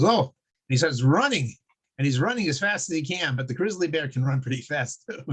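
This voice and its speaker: A man teaching a Torah class, telling stories in a halting way with many restarts and frequent chuckles. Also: fairly high pitch, breathy edge. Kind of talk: religious class with storytelling.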